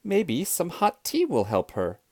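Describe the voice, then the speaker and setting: Guy reading as a cheery housekeeper lady, takes everything literally, bouncy slow storybook voice. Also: on the high side, wildly swooping pitch, dark tone, no room sound, clean studio sound, voice pushed up, exaggerated voice. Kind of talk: children's storybook read-aloud.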